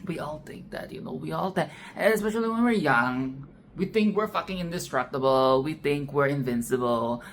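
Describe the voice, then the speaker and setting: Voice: mid-range voice, expressive, moderate pace, a little hiss or hum. A film commentator in a casual monologue, sassy and profane, rambling with restarts and often asking "okay?". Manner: sassy, profane, tags "okay?" onto lines; rambling with frequent restarts and laughs.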